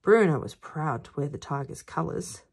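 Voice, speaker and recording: A woman, who teaches at a school, reading a children's picture book aloud in a lively storytelling voice. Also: deep voice, normal speed, breathy edge. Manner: expressive, sing-song storytelling.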